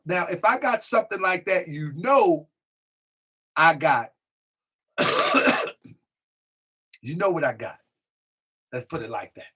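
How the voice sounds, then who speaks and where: A man's voice: high-pitched, fairly bright tone. A man hosting a live stream, chatting casually, reading out viewer comments and often repeating himself. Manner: talks to chat directly, repeats himself, drifts off mic.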